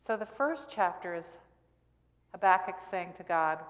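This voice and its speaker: A woman pastor delivers a sermon in a reverberant church sanctuary, preaching conversationally and posing rhetorical questions to the congregation. Her voice is lowish and animated, at a measured pace.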